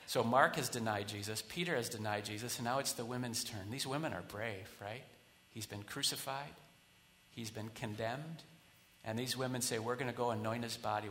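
Conversational preacher in a reverberant hall. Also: male voice, medium pitch, slight background noise. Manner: conversational preaching, swinging from quiet asides to loud rallying builds. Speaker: pastor. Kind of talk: sermon.

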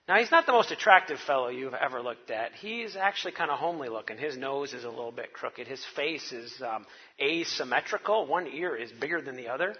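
A man's voice: medium pitch, expressive, brisk, breathy edge, in a large hall, highs cut off. A man preaching a sermon to his congregation, telling it like a wry, conversational story. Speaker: pastor.

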